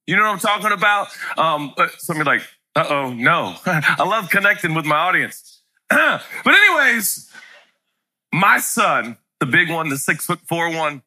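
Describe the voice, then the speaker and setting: A man in his forties preaching a sermon to a church congregation, animated and joking as he tells stories. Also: a little high, moderate pace. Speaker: pastor. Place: church sanctuary with live congregation.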